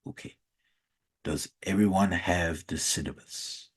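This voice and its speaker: A man voicing a soft-spoken male college professor who talks quietly in a flat, hesitant monotone. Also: sits low, measured pace, husky, pitched below the performer's own voice.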